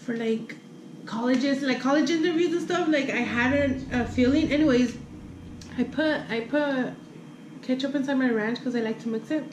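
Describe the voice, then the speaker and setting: A woman's voice: high-pitched, moderate pace, darkish tone. A young adult woman vlogger telling a rambling storytime while eating, full of fillers and frequent swearing. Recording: echoey room, faint background hum.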